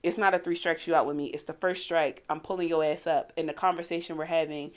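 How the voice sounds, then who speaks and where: A woman talks in a casual podcast chat, blunt and full of profanity. Her voice sits a little low, and her stories come out animated. She is frank and holds nothing back. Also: quick pace. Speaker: podcast co-host.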